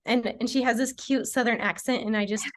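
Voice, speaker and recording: Woman, thirties, higher voice, earnest, rambling, frequent laughs, interview guest. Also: fairly even intonation, fairly quick. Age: 30s. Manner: earnest, lots of "like" and "just", laughs often. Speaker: guest, nutrition client. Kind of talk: casual interview chat.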